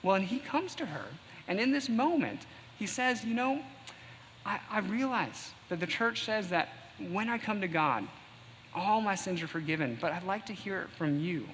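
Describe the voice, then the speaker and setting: A man preaching a sermon in earnest tones, reading a passage aloud slowly at times. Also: sits high, expressive, a bit bright, a little hiss or hum. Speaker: pastor. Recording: echoey hall with faint ambience.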